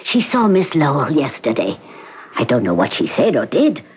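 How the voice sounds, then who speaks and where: An actor playing a formal, cautious hospital doctor who speaks in a measured, precise way, in 1970s radio drama acting. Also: male voice, mid-range voice, wildly swooping pitch, slightly rough, exaggerated voice. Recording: dull old radio recording, faint hiss.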